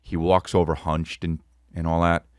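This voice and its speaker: A man hosting a podcast, telling a comedic story in an animated, profane way, close to the mic. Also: sits low, normal speed, smooth, no room sound. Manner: animated, profane, peppered with "dude". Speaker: podcast host.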